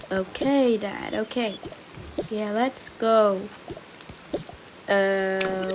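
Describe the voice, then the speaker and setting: A woman's voice: fairly high pitch, slow, long pauses. A young woman voicing a playful doll-game family skit, switching between character voices, with rain noise behind. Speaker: roleplay video maker.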